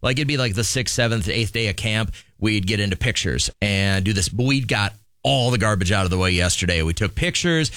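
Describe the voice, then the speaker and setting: A man's voice: lowish voice, expressive, a little fast, few pauses, a bit bright, no echo. A middle-aged man co-hosting a casual chat show, easygoing and rambling as he talks about coaching. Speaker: co-host and football coach.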